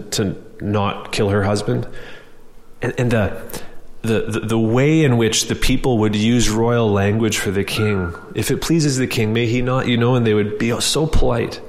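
A man's voice: medium pitch, long reverb tail. A man preaching a sermon in an earnest, direct way, often restarting and repeating words.

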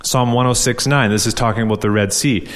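A man's voice: mid-range voice, fairly even intonation, a little fast. Man preaching conversationally in a reverberant hall. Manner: conversational preaching, rhetorical questions, repeats key phrases. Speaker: pastor. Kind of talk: sermon.

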